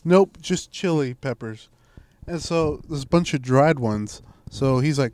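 A young man chats casually with a co-host. He tells stories with animated swings, swearing freely and acting out what people said in a louder voice. His pitch sits in the middle range. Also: unhurried, dry recording. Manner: animated storyteller, swears, acts out quotes loudly. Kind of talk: casual chat.

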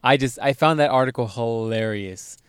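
A man's voice: medium pitch, moderate pace, clean tone, no room sound. A young man in casual chat, easygoing, laughing along and chiming in with questions.

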